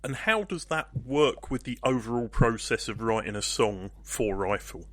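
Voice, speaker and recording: A man's voice: mid-range voice, animated, moderate pace, fairly bright tone, dry recording. A man hosting an interview, asking friendly questions and reading out press quotes. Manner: friendly, reads quotes aloud, brief remarks.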